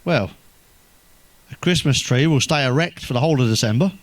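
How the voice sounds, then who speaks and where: A man's voice: medium pitch, fairly quick, dry recording, poor audio. A man telling crude jokes in a stand-up monologue, swearing constantly and laughing at his own punchlines. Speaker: stand-up comedian.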